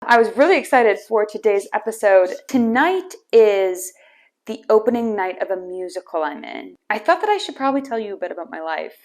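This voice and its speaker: A woman's voice: medium pitch, big pitch swings, a little fast. A young woman from Wisconsin hosting her own small talk show, chatty and playfully teasing. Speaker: host. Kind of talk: casual solo talk show.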